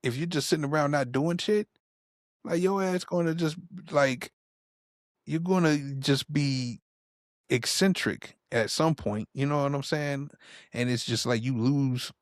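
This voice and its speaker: A man's voice: a little high, measured pace. A man talks in a slangy, laid-back way on a podcast, stretching out his points in casual chat. The sound is dry and close, with no room echo. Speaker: podcast co-host.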